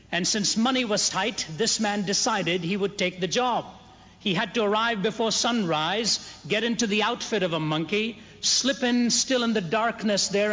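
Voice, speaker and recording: A man preaching, telling a humorous story in a measured, dry-humored way. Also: high-pitched, a bit bright. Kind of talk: sermon storytelling. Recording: dull, reverberant hall.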